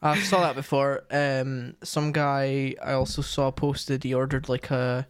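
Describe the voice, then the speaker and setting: A man's voice: mid-range voice, steady tone, unhurried, clean tone, no room sound, clean studio sound. A young man chatting casually as a streamer, rambling with lots of fillers and restarts. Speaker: streamer and co-host. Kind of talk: casual chat.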